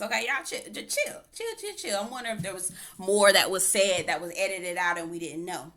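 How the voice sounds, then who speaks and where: Animated woman with a bright voice. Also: medium pitch, brisk, hardly any pauses, a little hiss or hum. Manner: animated, quotes people in exaggerated voices, frequent laughs. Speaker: TV reviewer vlogger. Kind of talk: casual gossipy TV recap. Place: home, on camera.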